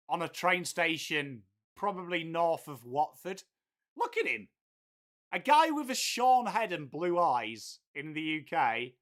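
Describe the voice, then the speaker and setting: A man's voice: a little high, pushed and bright. A man hosting a live cricket watchalong, chatting crudely with his chat and trading banter. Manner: crude, banter-heavy, reads chat aloud. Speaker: live stream host. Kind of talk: casual cricket watchalong commentary.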